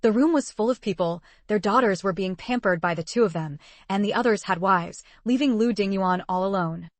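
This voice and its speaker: A woman reading a story aloud as narrator, in an even, steady scripted style. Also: mid-range voice, normal speed, dry recording.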